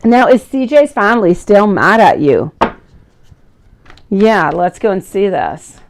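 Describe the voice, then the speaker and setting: A woman in her thirties reads tarot cards on a live stream, talking to viewers in a chatty, affectionate way. She keeps calling them sweetie and beautiful. Her voice sits at an ordinary middle pitch for a woman. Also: very animated, slow pace, a little hiss or hum. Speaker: tarot reader.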